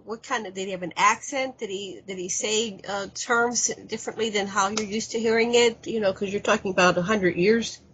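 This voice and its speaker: A woman's voice: medium pitch, fairly even intonation, fairly quick, few pauses, a bit bright, poor audio. Woman radio host asking curious questions, faint noise behind. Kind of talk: radio interview.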